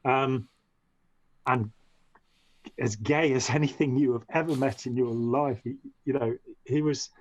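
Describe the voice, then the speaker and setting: A man's voice: medium pitch, steady tone, unhurried, pauses often, no room sound. A man telling a long story as a podcast guest, rambling and restarting with frequent "you know". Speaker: podcast guest, former member of a movement. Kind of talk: long-form storytelling in conversation. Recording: dull, dry lo-fi audio.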